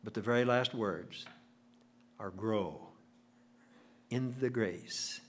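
An older man preaching a sermon, telling homely stories and slowing to stress key words. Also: on the low side. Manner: folksy storytelling with slow emphatic phrasing.

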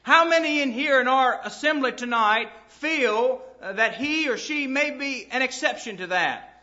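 High bright-voiced preacher, lo-fi sermon. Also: male voice, expressive, normal speed. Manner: emphatic, quoting scripture in King James wording. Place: church assembly.

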